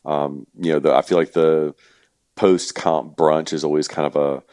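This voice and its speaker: Appearing as a guest on a podcast, an event organizer speaks in an extremely low, deep voice at a normal speed. His talk is laid-back and jokey, padded with filler words, and the close, dry recording has no room sound.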